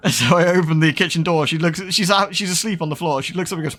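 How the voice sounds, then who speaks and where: A man's voice: fairly high pitch, quick pace, fairly bright tone. A man giving casual, rambling commentary while gaming, often cooing baby-talk to his cat. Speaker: gaming streamer. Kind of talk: casual let's-play commentary.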